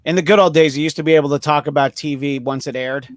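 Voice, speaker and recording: A man hosting a podcast in casual chat, rambling and joking with many filler pauses. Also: a little high, fairly even intonation, no echo, studio quality. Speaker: podcast host.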